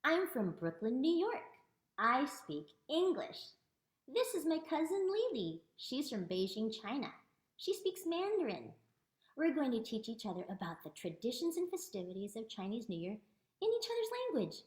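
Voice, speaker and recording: A woman's voice: high voice, sing-song, moderate pace, echoey room. A woman voicing a cheerful young boy as she reads a picture book aloud. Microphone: video call.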